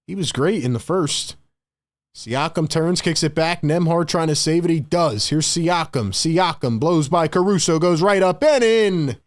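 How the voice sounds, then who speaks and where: A young man hosting a live stream, giving excited fan play-by-play of a basketball game and hyping up his chat. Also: a little high, a little slow, dry recording, studio quality. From Philadelphia area. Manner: excitable, hypes the chat, shouts at big plays.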